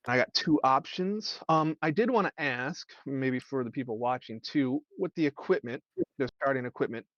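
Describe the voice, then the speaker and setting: A man of middle pitch takes his turn as a guest player at a tabletop game. He reads his quest aloud and asks casual questions about the rules. The sound is dry and a little dull. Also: normal speed, fairly bright tone, dry recording.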